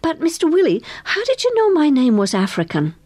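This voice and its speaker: A woman's voice: lowish voice, very animated, moderate pace, darkish tone, no room sound. A woman reading aloud, voicing an eager, polite young woman.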